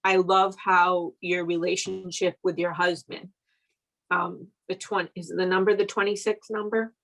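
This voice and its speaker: A woman's voice: fairly low pitch, level tone, moderate pace, creaky, a bit bright, rough recording. A woman in a group video chat, praising a friend in an emotional, rambling way while holding back tears. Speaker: group member giving encouragement. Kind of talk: casual chat on a video call.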